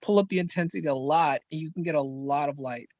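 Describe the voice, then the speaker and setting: Young man, rambling student explainer, lots of fillers, slightly high voice, dull lo-fi call audio. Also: fast talker, darkish tone, no room sound. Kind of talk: casual explaining on a group call. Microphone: video call. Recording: muffled dry video call audio.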